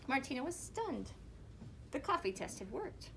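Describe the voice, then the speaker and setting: A woman reading a picture book aloud to children, expressive and asking them questions. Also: sits high, normal speed, vocal fry, slight background noise.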